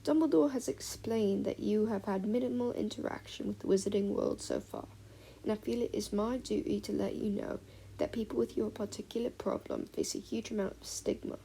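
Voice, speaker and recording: A woman's voice: medium pitch, a little fast, vocal fry, dark tone, slight background noise, close to an everyday voice. A woman voicing a stern older female teacher with a reedy Scottish accent, precise and formal. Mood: formal, measured.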